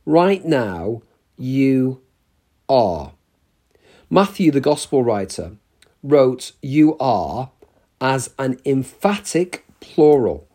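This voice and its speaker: A man preaching a sermon in a church, measured and emphatic, with pauses between short phrases. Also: medium pitch, sing-song, warm tone.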